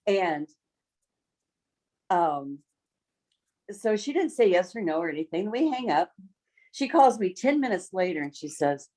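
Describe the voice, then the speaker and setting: A woman's voice: lowish voice, very animated, measured pace, pauses often, dark tone. A woman casually telling a story about her business. She laughs often and acts out the voices of the people she quotes.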